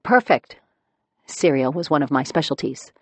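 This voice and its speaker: Low-voiced woman reading an audiobook. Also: animated, normal speed, no room sound. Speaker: audiobook narrator. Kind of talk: first-person scripted narration.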